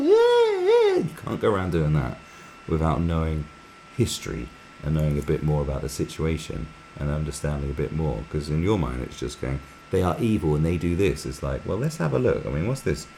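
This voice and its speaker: Male streamer, booming low register, animated delivery, rambles and swears freely. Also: a little fast, vocal fry, hardly any pauses, slight background noise. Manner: sweary, restless, often breaks into mocking impressions. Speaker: live stream host. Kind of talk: casual rambling commentary.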